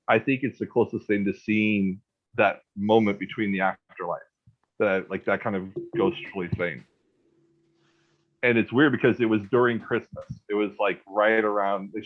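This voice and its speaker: A man's voice: fairly low pitch, lo-fi sound. A man in his thirties telling a personal ghost story in a loose, rambling way, full of restarts and "like". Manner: rambling, repeats words and restarts, says "like" a lot. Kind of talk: casual storytelling.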